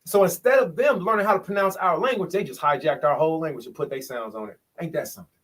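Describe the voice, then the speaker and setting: A man's voice: on the high side, fast talker, fairly bright tone. A man speaking in a bible study group call, preaching casually with emphatic rhetorical questions.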